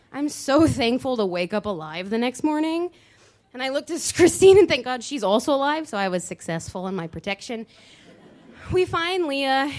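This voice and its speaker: A woman tells a story live on stage into a microphone, with a high, bright voice. She is animated, leaning on dramatic pauses and sudden shifts of voice. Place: dance studio venue, live show.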